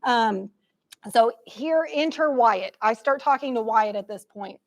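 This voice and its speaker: Middle-aged woman therapist giving a talk, bit higher voice, animated storytelling, talks right to the audience. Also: unhurried. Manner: animated retelling of a session with a child, addresses the audience directly.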